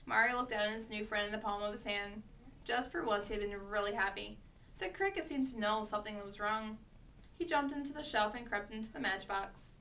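A woman reading a children's storybook aloud with steady, expressive narration. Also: medium pitch, moderate pace, far from the mic, slight background noise. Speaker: reader.

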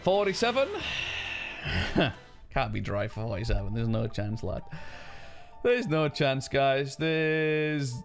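A man chatting casually and swearing excitably while streaming a video game. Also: medium pitch, takes it slowly, gravelly, long pauses, soft background music. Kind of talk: casual gaming stream chat.

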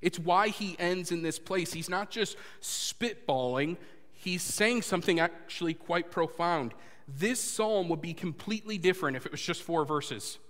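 A man's voice: high-pitched, normal speed. Earnest male pastor in a reverberant church. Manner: earnest, swings between loud urging and hushed confession. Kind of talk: sermon with personal story. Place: church sanctuary before a congregation. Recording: long hall reverb.

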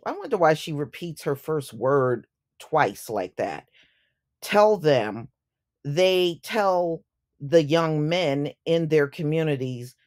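A woman's voice: sits low, animated, slow, a little mellow. A woman delivering an opinion commentary vlog, speaking emphatically and indignantly and repeating phrases for effect. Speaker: YouTube commentator.

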